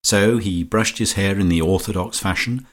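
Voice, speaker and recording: A man reading a comic novel aloud as an audiobook narrator, in a measured, dry manner. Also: low-pitched. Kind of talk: scripted narration.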